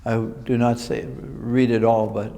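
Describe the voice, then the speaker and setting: Slow, reflective priest in a reverberant church. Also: male voice, medium pitch, level tone, gravelly, warm tone. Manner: slow, reflective, phrase-by-phrase delivery. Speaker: Jesuit priest. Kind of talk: sermon. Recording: long reverb of a large hall.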